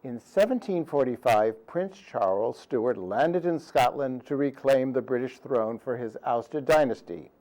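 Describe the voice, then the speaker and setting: Slow, dry-witted male history storyteller. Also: medium pitch, rough recording. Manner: dry, pedantic wit with deadpan punchlines. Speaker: performer of a musical history talk. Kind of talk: humorous history lecture with songs.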